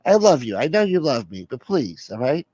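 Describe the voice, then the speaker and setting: A pampered rich man with a high, coaxing voice keeps telling someone to take it easy, as a man does the bit. He sounds fussy and a little smug, recorded close and dry with no room sound. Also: big pitch swings, normal speed, darkish tone, no room sound, muffled recording. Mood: soothing.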